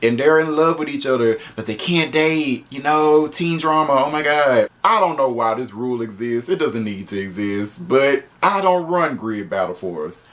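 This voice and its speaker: A man giving a casual spoken video review, animated and profane, often breaking into laughter. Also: mid-range voice, normal speed, few pauses.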